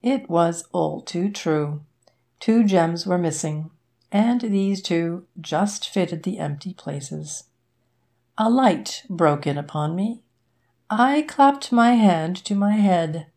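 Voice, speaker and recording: A woman reading a classic story aloud as an audiobook narrator, in a steady storytelling manner. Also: lowish voice, slow. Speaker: audiobook reader. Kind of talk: scripted narration.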